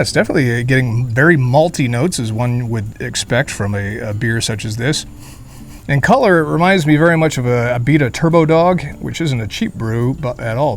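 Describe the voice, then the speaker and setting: A man's voice: mid-range voice, creaky. A man hosting a casual beer review vlog outdoors in a beer garden, chatty and rambling with jokey asides, sweating in the heat. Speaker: beer reviewer, channel host.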